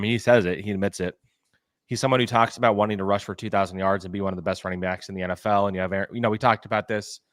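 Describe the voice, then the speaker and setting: A man's voice: lowish voice, a bit bright, no echo, studio quality. A man co-hosting a sports podcast, a reporter talking casually and rambling with lots of "like" and restarts. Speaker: beat reporter and podcast co-host.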